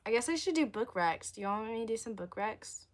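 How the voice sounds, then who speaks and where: Hoarse young woman livestreaming. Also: a little high, lively intonation, a little fast, slight background noise. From southern United States. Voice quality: chatty, addresses viewers as y'all. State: hoarse, losing her voice. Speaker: livestream host. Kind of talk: casual livestream chat.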